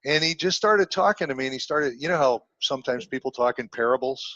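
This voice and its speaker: A middle-aged man, an investor and teacher, telling stories in an animated, folksy way as a guest from home. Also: medium pitch, no echo, highs cut off. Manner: animated storyteller, folksy, quick with jokes. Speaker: guest, real estate investor and instructor. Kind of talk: casual storytelling interview.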